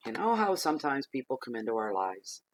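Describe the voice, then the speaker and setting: A man's voice: mid-range voice, sing-song, fairly quick, poor audio. A man giving a casual tarot reading, chatty and plain-spoken, often repeating himself as he gives direct advice. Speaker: tarot reader.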